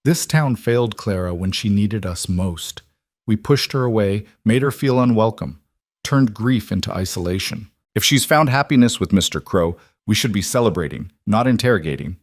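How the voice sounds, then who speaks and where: A man's voice: on the low side, expressive, normal speed, no room sound, studio quality. A man voicing a frontier townswoman who stands up for the widow with resolve. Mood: resolute. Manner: earnest, resolute. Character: repentant townswoman, determined.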